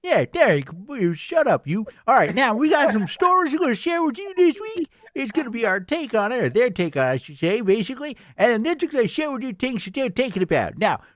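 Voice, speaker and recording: A man's voice: very high voice, sing-song, a little fast, few pauses, no echo. A man putting on a folksy, rambling old-timey Southern announcer who introduces the podcast with a drawl. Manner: drawling, hokey, rambling, addresses "boys and girls". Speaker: show introducer.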